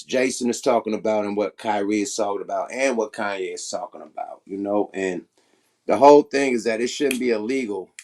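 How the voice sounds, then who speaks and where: A man's voice: lowish voice, a little mellow. A man hosting a casual livestream, talking loosely and emphatically with plenty of profanity. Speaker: livestream host.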